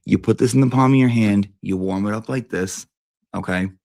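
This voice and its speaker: A man's voice: lowish voice, moderate pace, darkish tone, no room sound. A man giving a brash, profane, theatrical comic review of beauty products.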